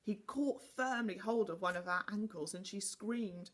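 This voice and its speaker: A woman teacher reading a children's storybook aloud with animated, expressive delivery. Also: mid-range voice, unhurried.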